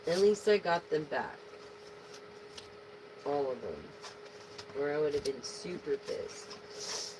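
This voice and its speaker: A woman's voice: low-pitched, lively intonation, slow, long pauses, noisy background. A woman giving a casual live tarot reading, slangy and profane, speaking to her viewers as a collective. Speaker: tarot reader.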